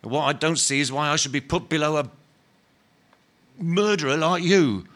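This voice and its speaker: A man's voice: a little high, moderate pace, fairly bright tone, natural voice. A man reading aloud and voicing a bitter, self-righteous male ghost who insists on his rights in blunt, ungrammatical speech. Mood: indignant. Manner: indignant, insistent, ungrammatical working-class talk. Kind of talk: dramatic reading of a novel.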